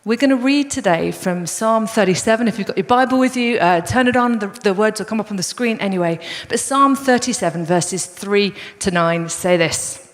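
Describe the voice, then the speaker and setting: A woman's voice: mid-range voice, normal speed, hardly any pauses. Woman preaching in an echoing church hall. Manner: conversational, storytelling, addresses the congregation as guys. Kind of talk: sermon. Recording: long reverb of a church hall.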